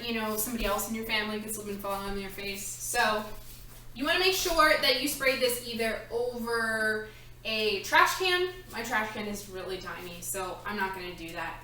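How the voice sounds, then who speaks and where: A woman's voice: mid-range voice, moderate pace, pushed and bright. Woman, home baker, chatty step-by-step tutorial; distant mic, echoey kitchen. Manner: chatty, talks through each step while working. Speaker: home baker demonstrating a recipe. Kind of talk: casual cooking tutorial.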